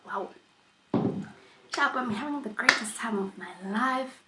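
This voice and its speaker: A woman vlogger telling a personal story in a casual storytime chat, animated and emphatic, often repeating herself. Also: a little high, a little slow, reverberant, heavy background noise.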